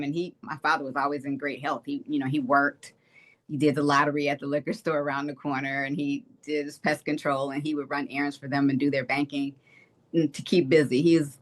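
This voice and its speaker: A woman's voice: low voice, fairly bright tone. A woman from Detroit, a state representative, giving an earnest, reflective personal testimony as an interview guest. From Detroit, Michigan.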